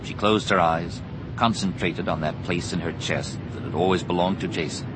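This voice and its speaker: A man narrating a story aloud, dramatic and expressive, dropping soft on grave lines. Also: low-pitched, normal speed. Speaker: audiobook narrator. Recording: noisy recording.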